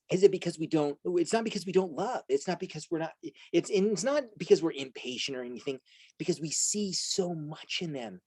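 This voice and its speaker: Middle-aged male coach, earnest talk full of rhetorical "right?" asides, mellow tone, dry close sound. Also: fairly high pitch, animated, brisk, breathy edge, no room sound, poor audio. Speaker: strengths coach and host. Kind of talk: motivational talk to an audience.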